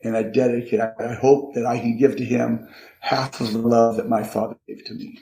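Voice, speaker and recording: An older man, a podcast guest, earnestly telling a personal story about his father, halting often with repeated restarts. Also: medium pitch, little pitch movement, creaky, warm tone. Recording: echoey room. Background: card shuffling.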